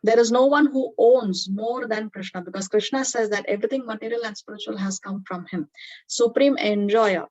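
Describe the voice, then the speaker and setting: A woman's voice: mid-range voice, moderate pace, darkish tone. Earnest woman teaching a scripture class. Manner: earnest, explanatory, many fillers and restarts. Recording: dull lo-fi recording.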